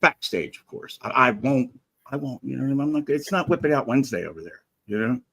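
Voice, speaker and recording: A man's voice: mid-range voice, lively intonation, quick pace, gravelly, fairly bright tone, slightly rough. A man chatting as a guest on a livestream, profane and joking, rambling through stories. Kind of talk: casual livestream chat.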